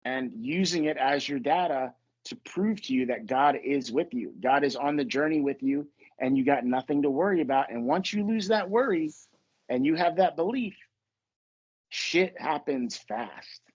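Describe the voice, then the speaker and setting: A man's voice: on the high side, moderate pace, highs cut off. A man hosting a podcast as a manifestation coach, telling stories in a casual, joking way with plenty of swearing. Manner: profane, joking, animated storytelling.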